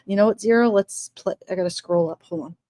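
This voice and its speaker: A woman's voice: mid-range voice, fast, mellow, no room sound. A woman hosting a casual livestream on her phone, reading messages aloud, emotional and laughing between lines. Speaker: livestream host.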